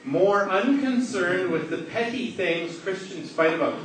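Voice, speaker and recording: Sitting high in pitch with a fairly bright tone, the preacher speaks expressively and a little slowly. He leads a playful, interactive sermon before a live audience in a large hall, joking as he questions people. The sound is distant and noisy, with hall echo.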